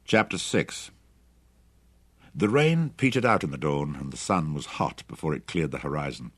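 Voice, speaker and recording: Male narrator, very deep voice, lively intonation, dry close sound, steady reading. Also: moderate pace, husky, no room sound. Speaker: audiobook narrator. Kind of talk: scripted narration.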